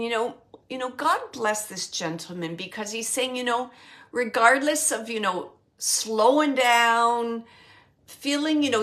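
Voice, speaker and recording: A woman working as a psychic medium, talking slowly and with emotion as she passes on messages during a live reading. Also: fairly high pitch, sharp tone. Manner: slow, emotional, relaying spirit messages. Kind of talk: livestreamed spirit reading.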